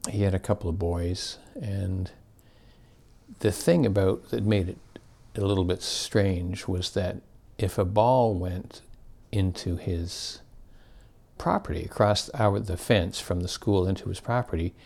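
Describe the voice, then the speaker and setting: Older man, deep and gravelly, telling childhood stories in a loose, wandering way. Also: a little slow, darkish tone. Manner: rambling, self-correcting, chuckling. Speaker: storyteller. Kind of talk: casual reminiscence.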